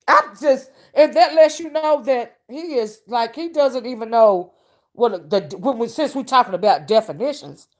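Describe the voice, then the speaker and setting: A woman hosting a casual live-stream commentary, sassy and mocking as she rants and greets her chat. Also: sits high. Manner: greets chat viewers mid-rant. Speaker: online commentary host.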